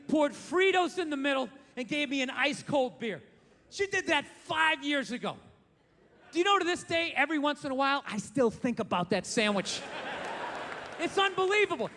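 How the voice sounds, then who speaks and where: A man's voice: extremely high pitch, pushed and bright, in a large hall. A man performing a stand-up comedy set on a live stage mic, blunt, profane and ranting with sarcasm.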